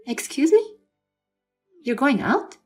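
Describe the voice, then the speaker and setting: A woman plays a young wife whose patience has run out, answering with disbelief and sarcasm. The voice stays at a middle pitch. Faint music plays underneath. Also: expressive, a little slow, a little mellow, lightly acted. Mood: incredulous. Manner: incredulous and sarcastic. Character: young wife with an injured arm, exasperated. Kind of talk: dramatized story reading.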